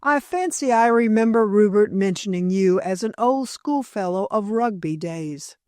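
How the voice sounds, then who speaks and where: A woman with a mid-range, darkish voice plays an elderly male vicar, speaking mildly with weary dignity. Her delivery is animated and moderately paced, close to an everyday voice, recorded cleanly in a studio with no echo.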